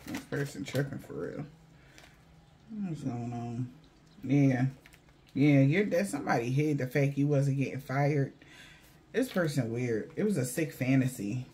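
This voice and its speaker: A man's voice: mid-range voice, warm tone, a little hiss or hum. A man giving a casual spiritual reading to viewers, blunt, profane and mocking, in loose slangy talk. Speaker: spiritual reader.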